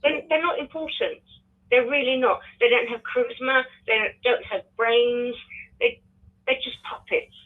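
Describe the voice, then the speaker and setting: A woman's voice: on the high side, fairly even intonation, normal speed. British woman caller, blunt and opinionated, tinny phone sound. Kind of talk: phone-in comment.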